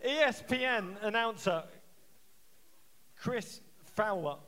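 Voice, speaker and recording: A man's voice: sits high, animated, slow, background noise. A man co-hosting a live comedic show, playful and theatrical as he questions a guest. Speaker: co-host. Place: live stage before audience.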